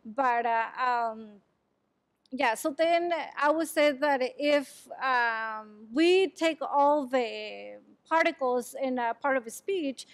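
A high-voiced woman from Mexico, a native Chatino speaker, answers questions after a conference talk. She explains in a halting way, often pausing to search for words. Her voice sounds close and dry, with little room. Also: no room sound. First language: San Juan Quiahije Chatino. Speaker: presenter answering audience questions. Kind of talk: academic conference Q&A. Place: lecture room.

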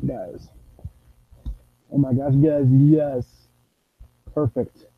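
A man's voice: mid-range voice, fairly even intonation, drawn-out words, breathy edge, no echo. Young man rambling over gameplay, tinny mic. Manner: rambling, playful, sings nonsense sounds. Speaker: gameplay streamer. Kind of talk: casual gameplay commentary.

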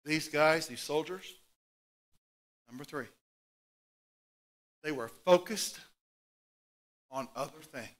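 High, bright-voiced preaching man. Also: slow, long pauses. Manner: animated storytelling, swinging from loud outbursts to hushed asides. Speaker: pastor. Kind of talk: sermon.

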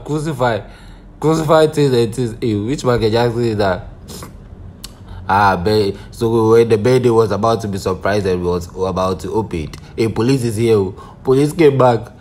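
Chuckling Nigerian man reacting on camera. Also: medium pitch. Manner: chuckling, excitable, teasing, Pidgin-sprinkled asides. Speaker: reaction vlogger. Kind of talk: laughing reaction commentary.

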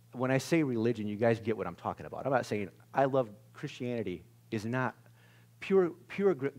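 A pastor delivers a conversational sermon during a church service, his voice a little high. He swings between loud exclamations and hushed near-whispers, laughing at himself along the way.

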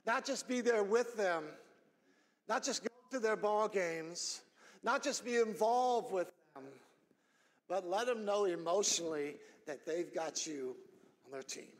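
A middle-aged man preaching a sermon as pastor, earnest, repeating phrases and building up to shouted emphasis. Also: high-pitched, a little slow, in a large hall. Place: church sanctuary.

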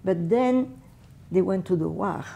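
A woman in her eighties with a French and Catalan accent, a native Catalan speaker, recalling her wartime childhood for an interviewer in unhurried, halting English. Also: lowish voice, vocal fry, mellow. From France. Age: 80s. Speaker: veteran oral history interviewee. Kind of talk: personal war memories told to an interviewer.

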